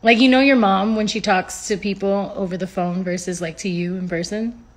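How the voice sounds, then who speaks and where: A woman's voice: mid-range voice, steady tone, normal speed. A woman chatting casually on a phone livestream from home, rambling, swearing freely and laughing often.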